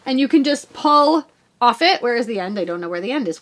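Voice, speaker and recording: Chatty woman with a lively, high voice. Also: fast talker. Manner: chatty, rambling, self-mocking. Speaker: knitting podcast host. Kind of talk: casual show-and-tell chat.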